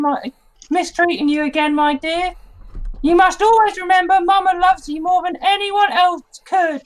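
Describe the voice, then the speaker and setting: A man's voice: very high-pitched, a bit bright, poor audio. A man doing a fussy old dwarf mother. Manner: fussy, complaining, smothering. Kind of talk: tabletop role-play, reading a letter in character.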